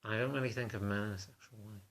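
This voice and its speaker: A man talking to camera in a confessional vlog, halting and self-conscious in a subdued, low-key way. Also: steady tone, fairly bright tone. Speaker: vlogger.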